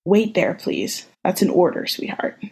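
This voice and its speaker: A woman's voice: on the low side, big pitch swings, measured pace, creaky, breathy edge, full character voice. A soothing soldier boyfriend, as a woman reads him. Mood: gently firm. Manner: soft, soothing. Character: tender protective man, a soldier.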